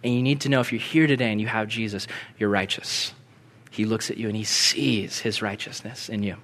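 A man preaching a sermon as pastor, earnest and conversational, swelling to emphasis and dropping to a hush in prayer. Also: fairly low pitch, steady tone, a little fast.

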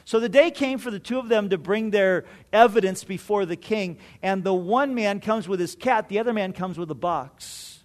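A man's voice: high-pitched, normal speed, hardly any pauses. A man preaching a sermon, telling a story and acting out the voices he quotes, repeating key points for emphasis. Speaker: pastor.

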